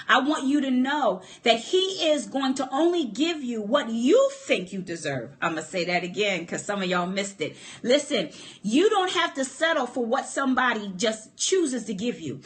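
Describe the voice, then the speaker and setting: Lively, high-pitched emphatic woman. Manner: emphatic, repeats key points, calls out to listeners. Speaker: relationship speaker. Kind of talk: motivational livestream talk. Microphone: phone livestream.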